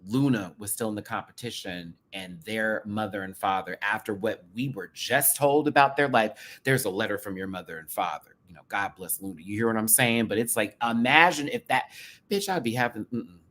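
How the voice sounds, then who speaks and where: A man with a sassy, animated way of talking, commenting casually to camera on a reality show. He uses drag slang and jumps from loud bursts to hushed asides. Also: lowish voice, moderate pace. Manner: drag slang, calls viewers sister and baby. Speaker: drag race show reviewer, channel host.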